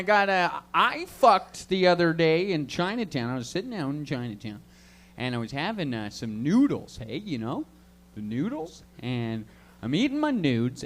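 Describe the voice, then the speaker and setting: A man's voice: high-pitched, a bit bright. A man performing stand-up, crude and teasing audience members directly. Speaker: stand-up comedian. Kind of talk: stand-up comedy set.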